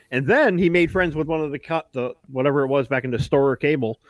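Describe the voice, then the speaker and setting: A man's voice: fairly high pitch, brisk, dry recording, highs cut off. A middle-aged man, a podcast co-host, telling a story in a profane, casual way and acting out what others said. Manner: profane anecdotes, acting out quotes.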